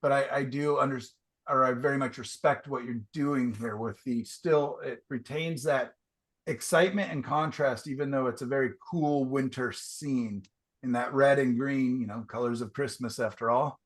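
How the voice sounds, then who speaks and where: A man's voice: medium pitch, steady tone, normal speed. A man teaching a painting class, giving casual, enthusiastic feedback over a video call. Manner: casual, enthusiastic, chatty with fillers.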